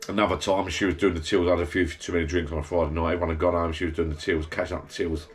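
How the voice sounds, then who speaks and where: A man's voice: deep voice, flat delivery, very fast. A man, rambling through pub stories to camera in his backyard garden bar. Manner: chatty, meandering, blokey storytelling with self-corrections. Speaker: vlogger. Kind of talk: rambling anecdotal monologue to camera.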